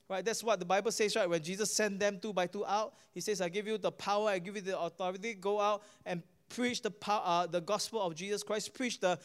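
A man with a high, smooth voice and a Singaporean English accent is preaching, recounting a story of healing. He's animated, often checks in with the crowd with "guess what?" and "all right?", and trips over repeated words and halting restarts.

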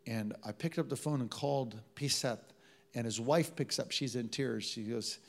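A man preaching a sermon, telling a story with acted-out quotes, dropping to hushed tones and building to loud emphatic preaching. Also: medium pitch, moderate pace, creaky. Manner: drops in Malay travel words.

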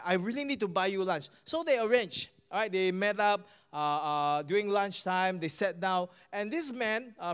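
Telling a healing story in his sermon, a pastor speaks with a Singaporean English accent in a high-sitting, clear, resonant voice. The preaching is lively, peppered with "guess what?" and "all right?" to the crowd, along with repeated words and stumbling restarts.

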